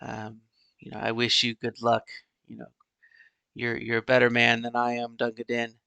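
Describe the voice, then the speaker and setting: A middle-aged man hosting a podcast alone, musing in a halting, rambling way with many "you know"s and restarts. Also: mid-range voice, monotone, vocal fry, pushed and bright, clean tone, no room sound. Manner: wistful, resigned musing. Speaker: podcast host. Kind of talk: casual solo monologue.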